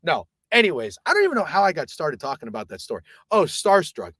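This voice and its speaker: Animated, foul-mouthed male streamer. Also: on the high side, fast, no echo, clean studio sound. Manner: profane, animated, rambling. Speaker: live streamer. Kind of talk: casual storytelling on stream.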